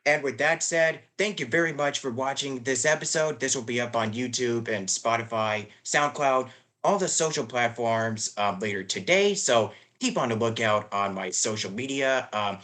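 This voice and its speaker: A man's voice: mid-range voice, normal speed, a bit bright. A man hosting a podcast, talking in a loose, upbeat way with many fillers. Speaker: podcast host, voice actor. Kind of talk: casual podcast chat.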